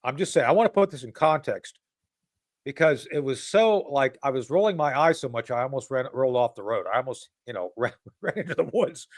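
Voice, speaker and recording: Animated man hosting a talk show. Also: mid-range voice, brisk. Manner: rambling, mocking, full of restarts and asides. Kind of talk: casual political talk show chat.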